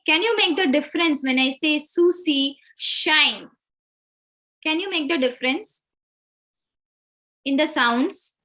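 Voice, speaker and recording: A woman soft skills trainer teaching pronunciation in a live online class, speaking deliberately and over-enunciating her examples. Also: high-pitched.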